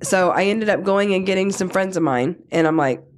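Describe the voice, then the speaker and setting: A middle-aged woman co-hosting a podcast, telling a story in a casual chat, swearing freely and acting out the quotes in a higher voice. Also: a little fast. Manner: animated storyteller, acts out quotes with a raised pitch, swears freely. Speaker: podcast co-host.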